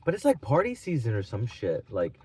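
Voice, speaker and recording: A man's voice: mid-range voice, huge pitch swings, a little fast, a little mellow, slightly rough. A man in his twenties telling a rambling, profane, mocking story in a casual vlog. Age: 20s. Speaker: vlogger.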